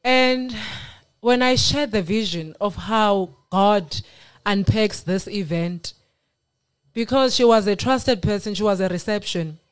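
South african woman telling her church story on the radio, smooth clear voice, earnest. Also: medium pitch, takes it slowly. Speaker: guest sharing testimony. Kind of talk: radio testimony chat.

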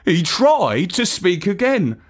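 A woman reading a children's story aloud in an expressive storytelling manner. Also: on the low side, takes it slowly.

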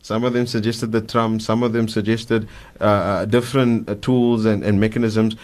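A man in a radio studio, a guest scholar with a South African accent, telling religious stories in an animated way, acting out the quotes, with many fillers. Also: on the low side, moderate pace. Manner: animated storyteller, acts out quotes, frequent fillers. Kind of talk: radio religious talk, storytelling.

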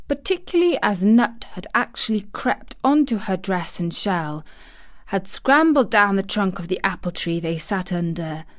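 A woman reading a classic children's novel aloud in steady scripted narration. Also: medium pitch. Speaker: audiobook reader.

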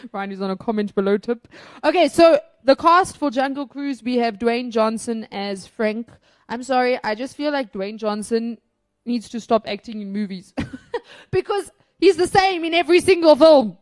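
Woman, film review co-host, casual chat, opinionated, emphatic, laughs often, fairly high voice. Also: expressive, unhurried, a little mellow. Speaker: podcast co-host.

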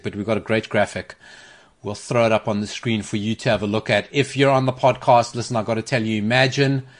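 A South African man who is standing in as host, chatting casually and playfully, joking and laughing a lot on a studio mic. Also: medium pitch. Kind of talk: casual chat. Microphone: studio microphone.

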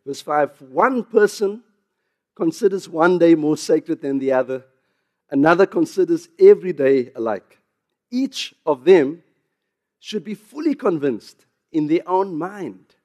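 Casting: South African male pastor, lively sermon delivery, slightly higher voice. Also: measured pace. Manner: animated preaching, rising loud on emphasis, with chuckles and asides.

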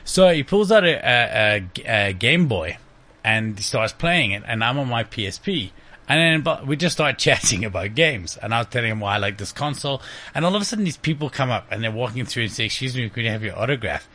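A man's voice: mid-range voice, fairly quick. A man chatting casually on a podcast, telling stories with frequent laughs and some swearing. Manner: laughing, swearing, lively anecdotes. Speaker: podcast guest. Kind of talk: casual storytelling chat.

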